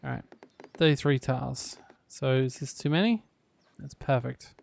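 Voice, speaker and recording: A man giving relaxed gameplay commentary, muttering to himself with dry, sarcastic asides. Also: medium pitch, normal speed, vocal fry. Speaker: gaming YouTuber.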